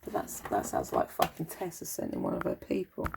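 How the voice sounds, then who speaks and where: A woman's voice: low-pitched, wildly swooping pitch, fairly quick, creaky, very noisy. A woman, talking in a blunt, sweary, rambling way with muttered asides. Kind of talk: rambling casual monologue.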